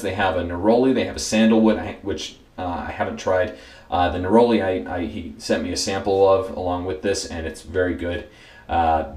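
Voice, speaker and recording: Low-voiced man reviewing in a roomy space. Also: a little mellow, slight background noise. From United States. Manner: easygoing, repeats words for emphasis, frequent fillers. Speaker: host and product reviewer. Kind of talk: casual product review. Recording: roomy echoey room.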